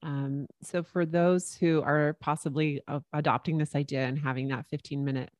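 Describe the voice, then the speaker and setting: A woman host with a very deep voice leads the interview. Her sound is dry and close, and her manner is gentle and affirming. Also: fairly even intonation, normal speed, dry recording. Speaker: podcast host. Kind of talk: interview conversation.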